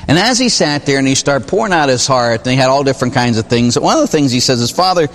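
Animated man preaching in an echoing hall. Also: fast talker. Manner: animated, emphatic, sudden high exclamations. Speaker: Catholic priest. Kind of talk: sermon.

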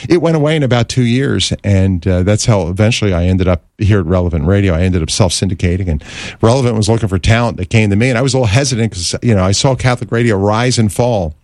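A male talk radio host telling a story in an interview, animated and stammering, acting out the scenes he recalls. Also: on the low side, fast, no room sound.

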